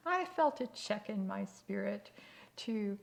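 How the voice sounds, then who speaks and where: A woman voicing an upset lady in her nineties in a storytelling talk, high and indignant. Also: animated, takes it slowly, gravelly. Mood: sheepish.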